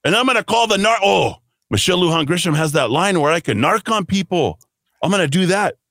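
A man's voice: fairly high pitch, expressive, brisk, fairly bright tone, no echo, clean studio sound. A man putting on a mocking accent to play a spiteful, scheming male business owner. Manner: mocking, sneering put-on accent.

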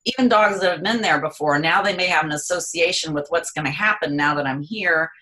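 A woman's voice: low-pitched, fairly quick, sharp tone. A woman speaking as a guest expert on a call, explaining pet behavior in a conversational way and sometimes voicing a dog's thoughts. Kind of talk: conversational interview. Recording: voice on a call line.

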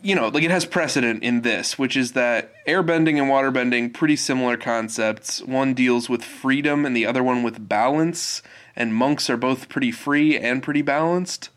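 A man's voice: medium pitch, moderate pace, fairly bright tone. A man co-hosting a podcast in casual chat, tossing in wisecracks. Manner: joking, wisecracking asides. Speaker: podcast co-host.

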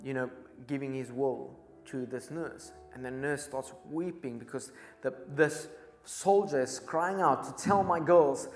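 A man's voice: mid-range voice, unhurried. A man preaching a sermon in a church, telling a story with urgency and repeated phrases. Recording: echoey church hall.

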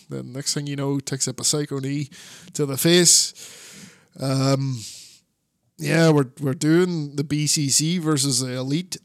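A man with a fairly high voice talks through a wrestling show in loose, rambling chat. He swears freely and laughs easily, recorded dry and close to the mic. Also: no room sound. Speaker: podcast co-host.

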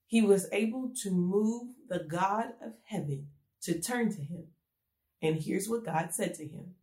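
A woman's voice: mid-range voice, measured pace, mellow. A woman giving a conversational sermon, earnest and full of rhetorical questions. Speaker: speaker giving a devotional message. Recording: echoey room.

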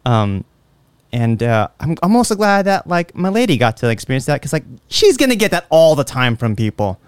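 A man's voice: fairly high pitch, moderate pace, clear, resonant tone, dry recording. A man hosting a podcast, telling stories in casual chat with plenty of fillers. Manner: animated storyteller who acts out quotes; lots of fillers. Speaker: podcast host.

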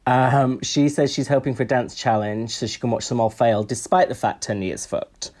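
A man's voice: medium pitch, steady tone, normal speed, a little mellow. A man co-hosting a podcast in casual chat, wry and chatty with frequent ums. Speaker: podcast co-host.

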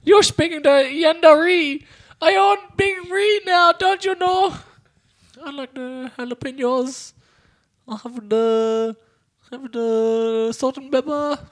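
A man's voice: very high voice, slow pace. A man putting on a brash, pushy female shop owner who makes a sing-song hard sell in clipped, broken phrases on an improvised prank call.

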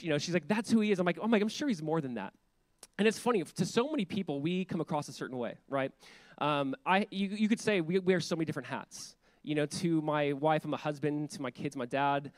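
A man in his thirties preaching a sermon as pastor, conversational and animated, acting out the voices he quotes. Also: a little high, dry recording, poor audio. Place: church hall.

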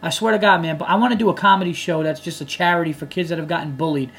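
A man's voice: fairly high pitch, fairly even intonation, rapid-fire, a bit bright, a little hiss or hum. A man hosting his podcast as a comedian, ranting casually with heated, profane emphasis.

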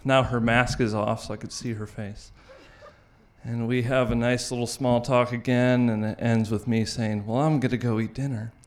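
A man telling a live personal story, wry and lively, laughing through his lines. His voice sits at an ordinary pitch. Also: normal speed.

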